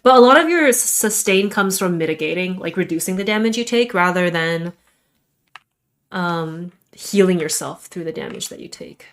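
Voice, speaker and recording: A woman's voice: on the low side, animated, normal speed. A young adult woman streamer chatting casually in a rambling, self-deprecating way.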